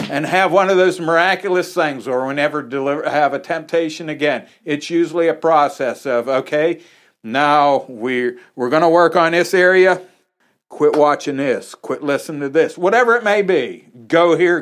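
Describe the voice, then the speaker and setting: A man preaching an informal, conversational sermon in a small church, with folksy asides. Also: on the high side. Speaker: pastor.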